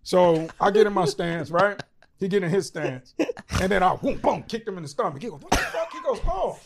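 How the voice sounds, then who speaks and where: A man's voice: sits high, brisk, creaky, crowd noise. A man telling a long profane story on a podcast, acting out the people in it. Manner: animated, profane, acts out quoted voices. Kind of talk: casual storytelling.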